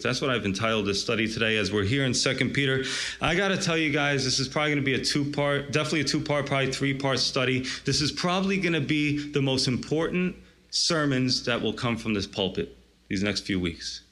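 A man's voice: mid-range voice, lively intonation, brisk, a bit bright. A male pastor delivering a sermon in a conversational storytelling way, often saying "you see.".

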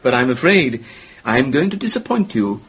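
A charming, flippant young gentleman. His voice is very husky, and his intonation leaps widely as he performs his stories with mocking theatrics. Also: medium pitch, big pitch swings, normal speed, full character voice. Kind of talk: radio drama acting.

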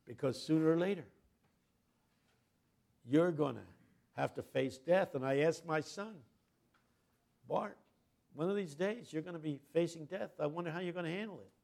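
Gravelly older preacher, storytelling. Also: male voice, fairly high pitch, normal speed, pauses often. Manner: storytelling preacher who builds to loud impassioned crescendos. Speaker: guest preacher. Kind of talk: sermon.

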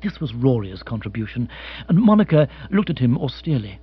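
A man narrating an audiobook in an expressive, measured way. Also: medium pitch, slightly rough. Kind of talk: scripted narration. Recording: dry, slightly dull audiobook.

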